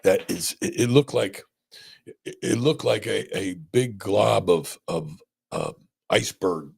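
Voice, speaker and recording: Brief: male surgeon host, very deep gravelly voice, chatty storyteller. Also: slow. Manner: animated storyteller, many restarts and "right?" checks. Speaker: spine surgeon and podcast host. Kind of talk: casual podcast conversation.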